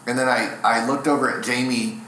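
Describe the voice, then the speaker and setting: In a relaxed interview, a young comedian guest talks briskly through rambling stories at his own expense. His medium-pitched voice has a bright, sharp edge, ringing in an echoey space with a faint background hiss.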